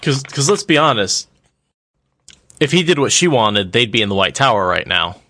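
A man's voice: medium pitch, very animated, normal speed, sharp tone, a little hiss or hum. A man chatting casually about a book on a podcast, calling in on a phone. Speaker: podcast co-host.

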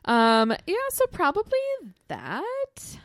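A woman's voice: high-pitched, wildly swooping pitch, slow, a bit bright, dry recording, clean studio sound. A woman in her thirties co-hosting a podcast in casual chat, chatty and self-deprecating. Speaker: podcast co-host.

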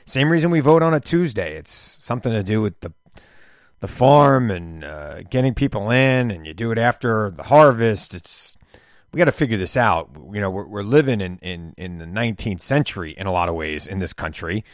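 A man's voice: on the low side, animated, normal speed, no echo, studio quality. A middle-aged man hosting his podcast in a rambling casual chat, often stumbling and restarting. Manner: rambling, self-interrupting, stammers on restarts. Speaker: podcast host.

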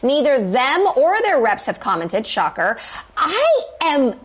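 Woman co-host, high bright pitch, playful gossip chatter. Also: wildly swooping pitch, slow pace, slightly rough. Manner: bubbly, joking, swears. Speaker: talk show co-host. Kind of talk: casual chat.

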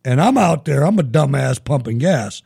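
A middle-aged man hosting a live show, telling profane, animated stories in casual chat. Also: mid-range voice, moderate pace, creaky, slightly rough. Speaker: show host.

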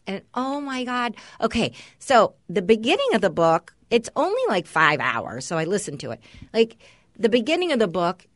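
A woman co-hosting a podcast, talking in an animated, swearing, gossipy way. Her voice is mid-pitched and sits close and dry. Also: no room sound. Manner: animated, profane, quick to laugh. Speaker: podcast co-host. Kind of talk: casual chat. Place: Los Angeles.

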